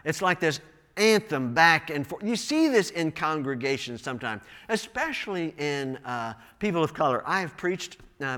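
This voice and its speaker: A man preaching a sermon through a microphone, animated and breaking into emphatic bursts. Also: high voice, long reverb tail. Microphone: wearing a microphone.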